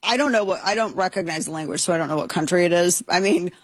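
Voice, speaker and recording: A woman talk radio host with a husky, slightly breathy voice on a close, dry mic. She talks off the cuff with incredulous exclamations and quick jokes. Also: on the low side, no room sound. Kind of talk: casual talk radio commentary.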